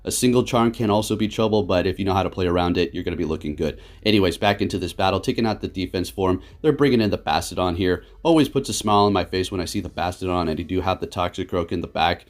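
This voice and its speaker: A man hosting his gaming channel, giving excitable live commentary on his matches that swings quickly between frustration and laughter. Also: deep voice.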